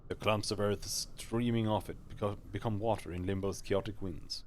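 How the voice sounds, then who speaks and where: Low-voiced man narrating game text. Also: normal speed, a little hiss or hum. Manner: steady narration with small slips and restarts. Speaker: streamer. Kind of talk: reading game text aloud on a live stream.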